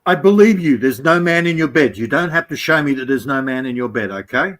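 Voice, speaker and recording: Sarcastic, lively-pitched man. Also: a little fast. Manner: sarcastic, teasing, mimics others mockingly. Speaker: regular live-stream guest. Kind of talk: casual live-stream chat.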